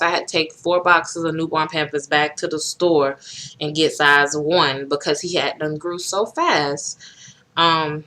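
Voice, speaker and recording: A young adult woman, chatting casually to her viewers in a storytelling vlog. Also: bright, forceful tone. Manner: chatty storytelling with rising pitch in quoted speech. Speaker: vlogger. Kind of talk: casual chat to camera.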